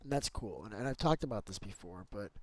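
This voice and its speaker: A man's voice: fairly low pitch, lively intonation, a little fast, no echo. A man streaming a building game, chatting casually with a friend and his viewers and easily getting sidetracked. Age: adult with kids. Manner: chatty, easily sidetracked, keeps greeting the chat. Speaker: Minecraft streamer. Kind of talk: casual livestream chat while gaming.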